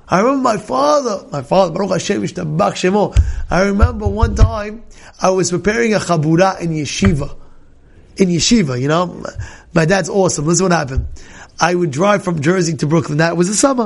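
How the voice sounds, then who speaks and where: A man teaching a Torah class to students in the room, telling stories with passion, sprinkling in Hebrew and Yiddish terms, and breaking into shouts at the peaks. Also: a little fast, vocal fry. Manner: animated, bursts into shouting at the high points. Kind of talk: impassioned storytelling lesson. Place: live class with students present.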